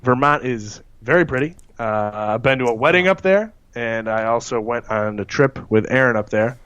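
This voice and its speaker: A man's voice: medium pitch, normal speed, a bit bright, clear, resonant tone, no room sound. A man co-hosting a podcast in casual chat, rambling and joking. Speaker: podcast co-host.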